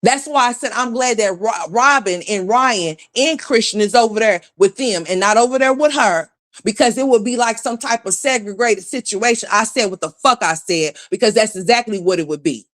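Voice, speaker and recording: A woman's voice: on the high side, normal speed, a bit bright. A woman hosting a livestream, delivering a blunt, scornful, profane commentary rant and greeting chat viewers by name as she goes. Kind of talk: ranting gossip commentary.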